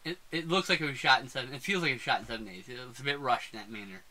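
A man co-hosting a podcast, chatting casually about a movie and ranting excitedly with lots of swearing. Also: mid-range voice, very fast. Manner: excitable, profane, laughing rants. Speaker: podcast co-host. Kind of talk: casual movie review chat. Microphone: desk mic on a live stream.

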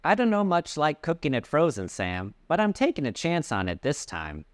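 A man voicing a young housewife, speaking with bright, forced cheerfulness. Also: on the high side, huge pitch swings, moderate pace, no echo, pitched above the performer's own voice.

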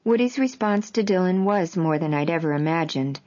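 Narrating her own memoir, this woman speaks steadily and evenly in a very deep voice. The audio quality is lo-fi and muffled, with little high-frequency detail.

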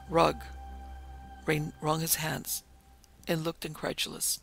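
A man hosting a podcast, telling a ghost story and reading its dialogue in a steady, measured way. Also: on the high side, creaky. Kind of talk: storytelling narration with quoted dialogue. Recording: faint music behind the voice.

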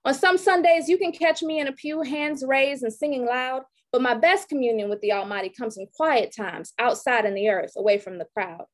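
A woman's voice: high-pitched, normal speed, few pauses. A woman in her thirties, an educator from Detroit, giving an online workshop talk and reciting a rhyming, rhythmic poem about herself over a video call. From Detroit, raised in Georgia. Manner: rhythmic, rhyming poetic delivery.

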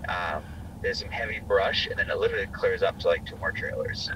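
Deep terse man calling out positions. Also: a little fast, far from the mic, noisy background. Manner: terse, matter-of-fact. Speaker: bounty hunter partner. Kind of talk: radio-style callouts.

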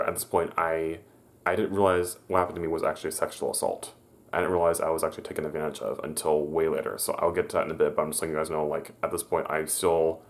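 This man's voice sits very low, and he recounts a personal story straight to his viewers. He talks haltingly, restarting sentences and correcting himself as he remembers. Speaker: vlogger.

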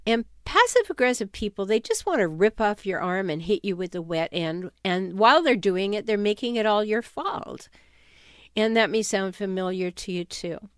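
A woman giving advice on toxic relationships in an emphatic, animated way. She sometimes drops her voice to act out quoted sarcastic remarks. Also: medium pitch, moderate pace, clean tone, no echo, studio quality. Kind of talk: talking-head advice video.

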